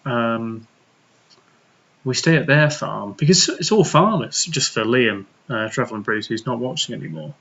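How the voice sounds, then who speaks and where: A man's voice: medium pitch, animated, moderate pace, gravelly, fairly bright tone, husky, lo-fi sound. A man co-hosting a casual podcast chat over beers, joking, sweary and rambling. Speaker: podcast co-host.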